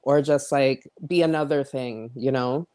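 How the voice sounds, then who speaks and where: A man's voice: mid-range voice, steady tone, unhurried, mellow, smooth. A man in a casual panel chat, speaking reflectively and hesitantly with many fillers. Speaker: podcast co-host.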